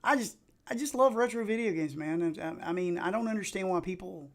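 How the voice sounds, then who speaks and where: A middle-aged man with an Appalachian accent, chatting casually and excitably while streaming video games and telling rambling stories. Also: high-pitched, brisk. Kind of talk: casual live-stream chat while gaming.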